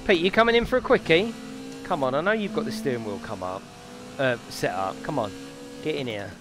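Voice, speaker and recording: Lively man streaming a racing game. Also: a little high, a little fast, noisy background. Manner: banters with chat, swears freely. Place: home gaming setup. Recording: game music behind the voice.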